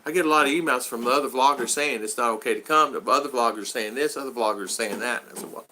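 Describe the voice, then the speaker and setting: A man from the United States talks casually on a home livestream. His voice is bright and forceful. He greets viewers by name and tells rambling stories. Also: medium pitch, fast, slight background noise. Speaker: vlogger hosting a livestream. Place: home in the Philippines.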